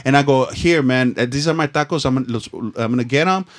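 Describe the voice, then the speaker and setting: A man's voice: mid-range voice, quick pace. A young man from Southern California, telling a rambling, profane story in casual chat full of slang and restarts. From Los Angeles, USA.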